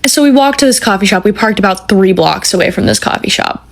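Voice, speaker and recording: A woman in her twenties telling a dating story, animated, profane and self-mocking. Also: mid-range voice, fast talker, vocal fry. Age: 20s. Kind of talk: casual storytelling.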